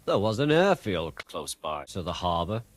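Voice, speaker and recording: A man narrating a children's storybook in an animated way. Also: low voice, moderate pace. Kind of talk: storybook reading.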